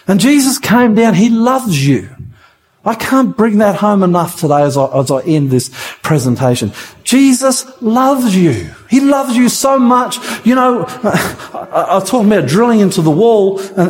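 A man's voice: high-pitched, expressive, moderate pace, a little mellow. A man preaching an evangelistic sermon, impassioned and pleading, driving his points home with emphatic repetition.

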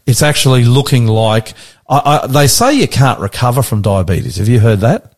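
An Australian man hosting a radio program as a pastor. His voice sits at an ordinary middle pitch, and he talks casually with plenty of stumbles and restarts. The tone is self-deprecating and easygoing. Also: very animated, moderate pace.

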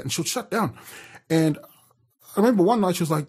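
A man's voice: fairly high pitch, big pitch swings, fast, darkish tone, slightly rough. A man from New Zealand giving a casual devotional talk, chatty and storytelling, with frequent fillers and restarts. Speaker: radio presenter giving a devotional.

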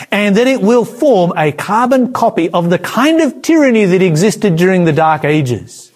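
A man's voice: sits high, a little mellow. A man preaching a prophecy sermon, emphatic, with dramatic rises and drops in his voice.

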